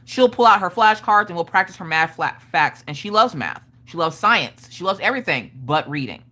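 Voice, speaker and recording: A woman hosting a live stream and chatting casually about parenting, frank and profane, with animated storytelling. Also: lowish voice, brisk. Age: adult parent of school-age children.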